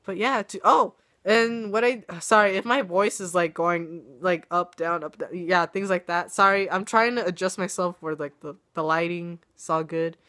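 A woman's voice: lowish voice, normal speed, few pauses, pushed and bright. A young woman vlogging casually, chatty and self-mocking, her voice worn and coming and going from being sick. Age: young adult. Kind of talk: casual vlog chat. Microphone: webcam or phone camera.

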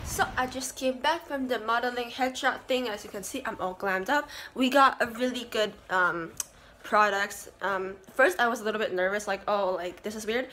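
A woman's voice: on the high side, moderate pace, sharp tone, slight background noise. A young woman chatting casually through her day as a vlogger, upbeat and full of fillers. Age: young adult. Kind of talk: casual vlog chat.

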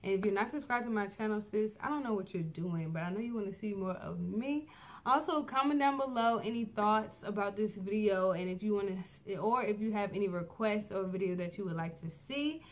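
A woman's voice: medium pitch, a little fast. A young woman vlogger giving a casual, encouraging outro to her viewers. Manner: encouraging, upbeat, casual slang. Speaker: vlogger interviewing people. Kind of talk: casual vlog chat and outro.

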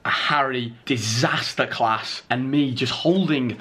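A man's voice: mid-range voice, measured pace, bright, forceful tone. A young man playing a football video game, cheeky and boastful as he trades jabs with friends. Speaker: gaming video presenter. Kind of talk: casual banter over video games. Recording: echoey room.

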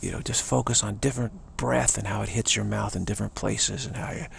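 A man's voice: fairly low pitch, steady tone, fast, gravelly, a little hiss or hum. A man rambling playfully in a casual monologue outdoors about how to do regional accents. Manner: playful, rambling, many fillers. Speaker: spiritual vlogger. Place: outdoors, cold.

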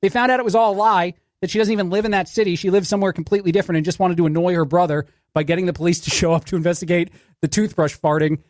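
A man's voice: high-pitched, steady tone, very fast, darkish tone, no room sound, clean studio sound. A man filling in as a radio talk show host, rambling sarcastically through a casual monologue. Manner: sarcastic, rambling, restarts often.

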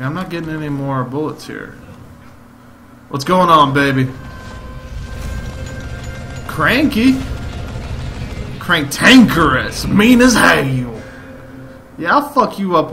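A man commentating a let's play while taking shots, shouting profane, excitable outbursts at the game. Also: fairly high pitch, normal speed, soft background music. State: drinking shots during play. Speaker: gamer playing a shooter.

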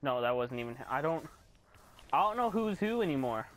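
A young man giving casual commentary while playing a video game, swearing and yelling in frustration. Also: on the high side, sing-song, a little fast. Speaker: gamer commentator.

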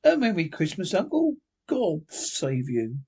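A cheerful, warm-hearted young man, eager and pleading, his husky voice pitched up high, as a storybook reader puts him on. He is earnest and friendly throughout. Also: lively intonation, moderate pace, full character voice.

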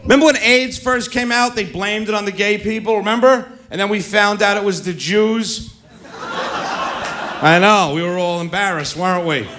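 A man's voice: high-pitched, normal speed, pushed and bright, a little hiss or hum. A middle-aged man doing a stand-up comedy set on a club stage, brash and profane, baiting the crowd into a handheld mic.

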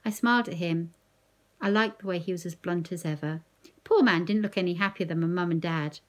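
A woman teacher reading a novel aloud in first person, slow, measured and expressive. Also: lowish voice.

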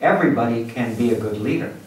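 A man giving a lively motivational lecture at a symposium, acting out little scenes for his audience. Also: medium pitch, fast talker. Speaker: guest speaker at a symposium. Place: university lecture hall. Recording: echoey hall from far off.

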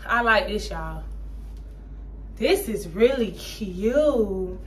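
A woman's voice: mid-range voice, animated, very slow. A woman running a casual try-on haul vlog, gushing, laughing and exclaiming as she shows off wigs in her shop. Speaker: wig shop owner showing stock. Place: indoor shop. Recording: distant mic with faint room noise.

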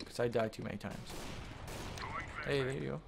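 A man's voice: mid-range voice, normal speed, creaky, heavy background noise. A man chatting hesitantly with teammates during a team game. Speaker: gaming teammate. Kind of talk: casual gameplay chat. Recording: gunfire behind voice chat.

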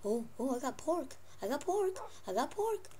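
A woman playing Minecraft and chatting casually, coaxing and fussing over her pet wolves in an excitable voice. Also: sits high, normal speed, a little hiss or hum. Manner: excitable, jumps between squeals and mutters. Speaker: Minecraft let's player. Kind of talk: casual gameplay commentary.

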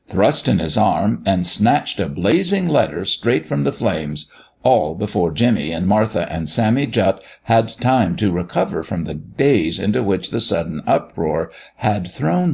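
Gravelly low male storyteller. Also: a little mellow. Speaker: audiobook reader. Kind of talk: storybook narration.

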